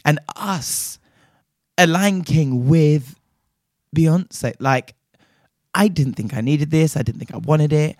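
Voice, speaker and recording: A young man, co-hosting a casual chat, excitable and swearing as he gushes. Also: on the high side, slow, no echo, clean studio sound. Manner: excitable, swears a lot, gushing. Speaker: podcast co-host.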